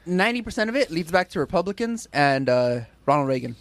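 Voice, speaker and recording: A man's voice: fairly high pitch, sing-song, fast talker, no echo. A young man co-hosting a casual podcast, rambling with lots of "like" fillers. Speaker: podcast co-host. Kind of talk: casual chat.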